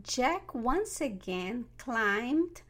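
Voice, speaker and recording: Slow, deliberate woman reading a fairy tale. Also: on the high side, sing-song, fairly bright tone. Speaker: narrator. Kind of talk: storybook narration.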